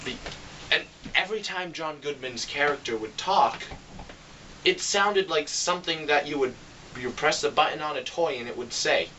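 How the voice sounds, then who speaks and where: A man giving a casual film review, exasperated and sarcastic, acting out reactions with sudden jumps in pitch. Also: normal speed, bright, forceful tone, far from the mic, slight background noise, rough recording. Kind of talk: casual movie review rant.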